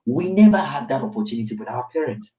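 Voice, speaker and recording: Expressive and fast, his mid-range voice dark in tone, a Nigerian father in his thirties tells his story openly. He keeps checking in with "right?" during this reflective, casual podcast talk, recorded in a roomy space on a distant mic.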